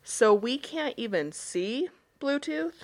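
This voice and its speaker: Taking her time, a woman with an animated voice on the high side co-hosts a relaxed podcast conversation. She laughs as she tells family stories and performs the quotes within them.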